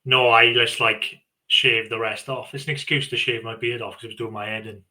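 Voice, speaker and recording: A man co-hosting a casual podcast over a video call, relaxed and offhand. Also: mid-range voice, fairly quick. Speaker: podcast co-host.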